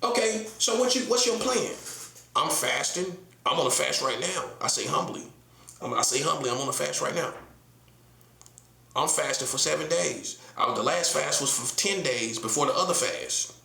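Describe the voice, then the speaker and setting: A man's voice: fairly high pitch, normal speed, vocal fry, bright, forceful tone, reverberant. A man from North Carolina with a Southern accent, preaching in a casual, emphatic monologue full of rhetorical questions and slang. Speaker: prophet.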